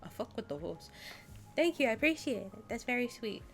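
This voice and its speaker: A woman streaming a game, talking casually with her chat, swinging from loud squeals to quiet mutters. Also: a little high, very animated, brisk, creaky, faint music behind.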